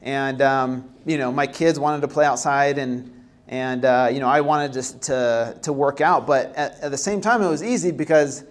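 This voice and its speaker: A young man presenting at a healthy living workshop, casual and relaxed, with many fillers and restarts. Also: mid-range voice, normal speed. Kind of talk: live presentation talk. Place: workshop room.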